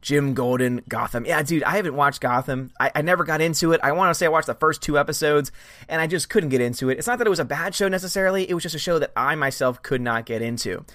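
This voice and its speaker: This is a man hosting a casual live stream, reading out viewer comments and chatting back at them. His voice sits fairly high for a man and sounds close and dry. He talks in an animated, chatty way. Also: quick pace, no echo. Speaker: livestream host.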